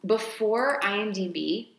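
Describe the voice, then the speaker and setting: A woman's voice: medium pitch, unhurried. A woman co-hosting a podcast in casual chat, talking freely with lots of swearing and wandering off on tangents. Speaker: podcast co-host. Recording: echoey room.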